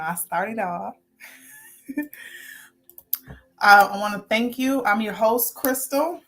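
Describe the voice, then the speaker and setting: A woman hosting a spiritual talk show, speaking loosely, often correcting herself and laughing lightly at her slips. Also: medium pitch. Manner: warm, rambling, self-correcting with little laughs. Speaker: host.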